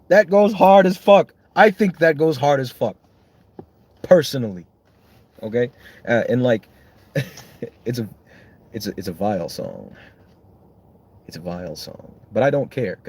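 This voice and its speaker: A young man with a lowish voice rambles casually. He swears a lot and jokes at his own expense. He comes across as a songwriter talking loosely between takes. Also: a little mellow, slightly rough. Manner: profane, self-mocking, rambling.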